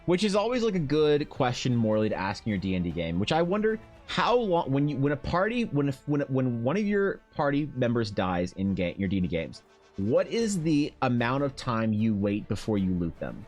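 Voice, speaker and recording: A man streaming while he draws, telling a story in a loose, animated way. He swears, laughs and restarts often. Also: medium pitch, moderate pace, faint music behind. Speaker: streamer and artist.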